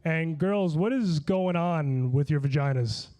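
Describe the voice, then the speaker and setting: Man, stand-up comedian, slightly high voice, a bit slurred, rambling restarts, swearing. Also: a little slow, mellow. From Long Island, New York. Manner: loose, rambling delivery with many restarts and swearing.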